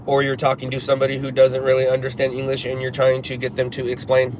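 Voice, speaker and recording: A man's voice: medium pitch, monotone, fast. A man in his forties hosting a live stream from a car, chatting casually and rambling, with many fillers and restarts. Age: 40s. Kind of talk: casual chat. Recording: traffic noise behind.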